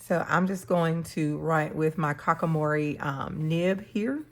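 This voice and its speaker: A woman hosting her stationery channel, casually chatting through an unboxing and pen demo with a slow, relaxed manner and soft laughs. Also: sits low.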